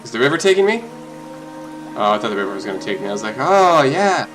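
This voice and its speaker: A man giving casual, jokey commentary while playing a game, often gushing in a high voice. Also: very fast, faint music behind, low-quality recording. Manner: excitable and jokey, jumps to high-pitched gushing. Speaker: let's play host.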